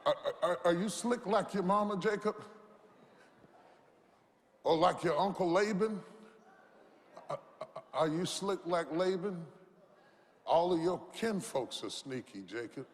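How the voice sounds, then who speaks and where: In a long, reverberant hall, a man with a high voice preaches a sermon as pastor, a little slowly and with long pauses. He delivers it with passion and rhythm, repeating lines and getting the congregation to call them back.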